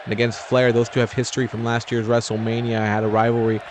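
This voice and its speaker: A man's voice: medium pitch, flat delivery, fast, background noise. A man giving casual, rambling commentary over a wrestling video game, with chatty, jokey asides. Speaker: gameplay commentator.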